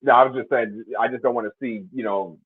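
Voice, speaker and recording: A man joining a panel talk, speaking haltingly with many fillers. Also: medium pitch, steady tone, husky, narrow, tinny audio. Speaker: panel guest.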